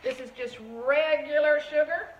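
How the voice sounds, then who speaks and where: A woman's voice: high voice, steady tone, moderate pace, reverberant, lo-fi sound. A woman with a Southern accent, chatting casually while she bakes live and greets her viewers. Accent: Southern American. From Tennessee. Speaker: shop owner hosting a live cooking stream. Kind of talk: casual live cooking chat. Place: kitchen.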